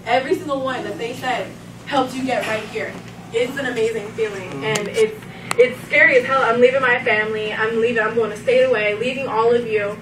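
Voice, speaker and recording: A young woman giving an emotional farewell speech to her trainee group, laughing often and animated. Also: a little high, fairly quick. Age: young adult. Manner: laughing often, animated, breaks into quoted voices. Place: large meeting room. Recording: echoey room from far off, noisy.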